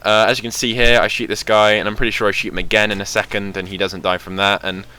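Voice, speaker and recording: Chatty young man, bright voice. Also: fairly low pitch, level tone, fast, clear, resonant tone. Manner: chatty, rambling, with frequent fillers. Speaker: gaming channel host. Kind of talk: casual game commentary.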